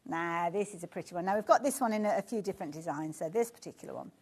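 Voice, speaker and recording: Hosting a live shopping broadcast, this woman talks fast in a husky, low-leaning, expressive voice. She chats warmly about the products and reacts to viewers' comments with gushing excitement.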